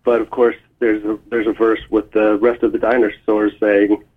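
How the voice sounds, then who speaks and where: A man as a guest musician in a phone interview, talking in a relaxed, thoughtful way with many fillers. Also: on the low side, a little slow. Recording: tinny phone line.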